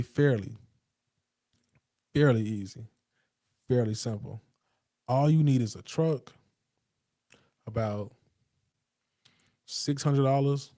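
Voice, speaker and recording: A man with a mellow, relaxed voice holds forth in a loose, streetwise monologue. He swears freely, restarts his sentences and leans hard on his emphasis. The sound is dry and close, with no room around it. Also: medium pitch, no echo. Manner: streetwise slang, emphatic, profane, rambling with restarts. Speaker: podcast host. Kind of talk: casual monologue.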